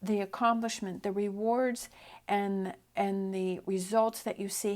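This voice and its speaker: A woman's voice: mid-range voice, steady tone, slow, a little mellow. A middle-aged woman giving a casual, upbeat tarot reading, encouraging the listener and often asking "right?". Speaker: tarot reader.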